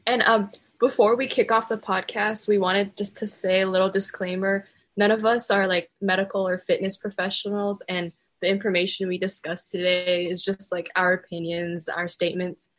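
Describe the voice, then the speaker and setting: A woman hosting a podcast, welcoming a guest and reading a disclaimer in a friendly, relaxed way with frequent fillers. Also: medium pitch, normal speed, few pauses. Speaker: podcast host.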